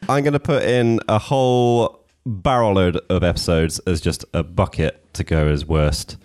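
A man's voice: sits low, fairly even intonation, measured pace, a little mellow, clear, resonant tone. A man in casual podcast chat, speaking bluntly and with strong opinions.

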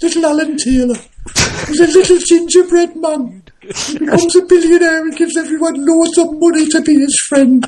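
Squeaky chirpy little gingerbread guy, attempted northeast english accent. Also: normal speed, warm tone, poor audio. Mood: gleeful. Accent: Northeast England, attempted. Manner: squeaky, sing-song. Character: tiny male gingerbread man with electric muscles, chirpy.

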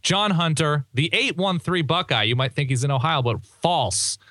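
A man's voice: a little high, normal speed, sharp tone, no echo, studio quality. A young man co-hosting a sports podcast, chatting casually in a joking, rambling way and often restarting his sentences. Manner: joking, rambling, self-correcting. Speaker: podcast co-host. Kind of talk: casual chat.

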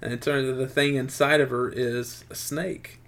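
A man's voice: mid-range voice, little pitch movement, normal speed, creaky, a bit bright. A man casually retelling a film's plot as a podcast co-host, rambling with plenty of fillers. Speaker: podcast co-host reviewing a film. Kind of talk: casual chat.

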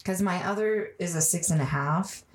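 Chatty, laughing woman co-host. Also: on the low side. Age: adult mother. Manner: chatty, profane, quick to laugh. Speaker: podcast co-host, wife. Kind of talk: casual couple chat.

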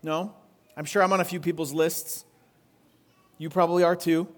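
High-voiced man preaching conversationally. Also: steady tone, normal speed. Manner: conversational, asks the congregation frequent questions. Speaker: pastor. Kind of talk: sermon.

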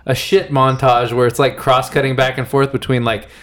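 A man's voice: mid-range voice, flat delivery, normal speed, fairly bright tone. A man hosting a casual comedy podcast from a studio, rambling and full of fillers. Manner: rambling, laughs a lot, many fillers. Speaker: podcast host.

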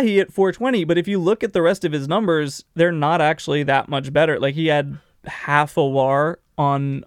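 A man's voice: a little high, smooth, no echo, studio quality. A man co-hosting a podcast, chatting casually about baseball history in a rambling, joking way with many fillers. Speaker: podcast co-host.

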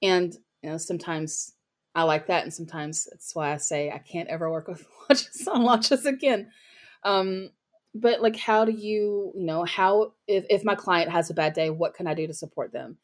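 Woman, podcast guest, casual chatty talk, lots of fillers, slightly low pitch. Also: steady tone, normal speed. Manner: chatty, heavy use of "like" and "you know" fillers. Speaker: podcast guest, copywriter and launch strategist.

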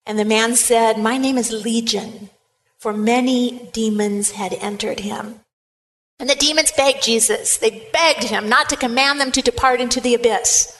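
A woman preacher giving a sermon, retelling a story in a lively way and speaking straight to her listeners. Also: on the high side, moderate pace. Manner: lively retelling, addresses the congregation directly.

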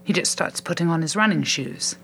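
A woman voicing a chatty, grumbling male shopkeeper who tells jokes, with her voice raised in pitch. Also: brisk, fairly bright tone, a little hiss or hum, natural voice. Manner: chatty, grumbling, joke-telling. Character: grumbling male corner-shop keeper telling jokes.

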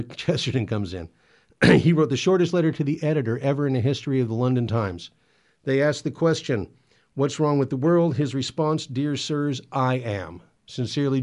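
A man giving earnest Catholic commentary, often repeating words and stumbling as he presses his point. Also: mid-range voice. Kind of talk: spoken commentary and exhortation.

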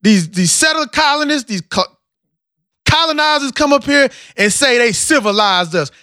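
A man leads a casual roundtable, pressing his points hard with profanity and repeated words. His voice sits very high and sounds bright and forceful. The recording is dry and close. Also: animated, normal speed, clean tone, dry recording.

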